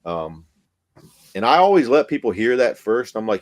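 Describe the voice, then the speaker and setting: A man, a paranormal investigator guest telling a story in casual podcast chat, excited and profane, with many fillers. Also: on the low side, fairly quick.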